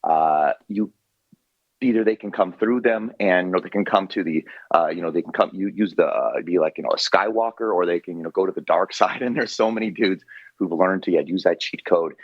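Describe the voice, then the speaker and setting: Man, podcast guest, very deep, raspy, rambling casual talk, swears freely, dull lo-fi sound. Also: brisk, dry recording. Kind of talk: casual chat.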